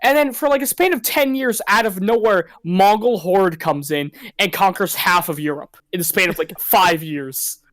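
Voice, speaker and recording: A man's voice: high voice, moderate pace, few pauses, fairly bright tone, dry recording. Young man rambling through game stories. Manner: loose, filler-heavy storytelling. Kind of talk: casual gaming chat.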